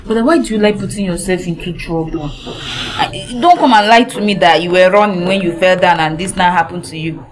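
Actress playing a chiding Nigerian sister. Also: female voice, fairly low pitch, moderate pace, crowd noise, natural voice. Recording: noisy film scene.

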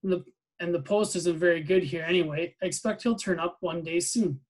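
A man's voice: high-pitched, fairly quick, low-quality recording. A man reading a novel aloud, voicing a curious, well-meaning young boy with eager, earnest questions in a near-plain voice.

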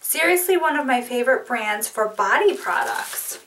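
A woman beauty vlogger in casual chat, opening a package, giggly, excitable and apologetic. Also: on the high side, moderate pace, distant mic, slight background noise, low-quality recording.

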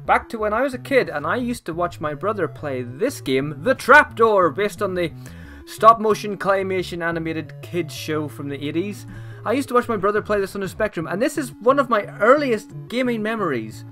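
A man's voice: high-pitched, expressive, moderate pace, bright, forceful tone, faint music behind. A young man hosting a let's-play, chatting and reacting aloud to a retro game with self-deprecating humor. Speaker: host of a gaming channel. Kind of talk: casual let's-play commentary.

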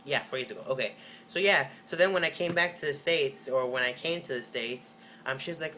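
A man's voice: mid-range voice, a little fast, bright, forceful tone, slight background noise. A teenage boy telling a story in a casual vlog, rambling with lots of fillers and sounding exasperated. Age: teens. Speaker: vlogger.

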